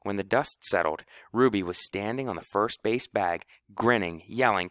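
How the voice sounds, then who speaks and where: A man narrating an audiobook with expressive storytelling. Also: lowish voice, moderate pace, hardly any pauses, no echo, clean studio sound.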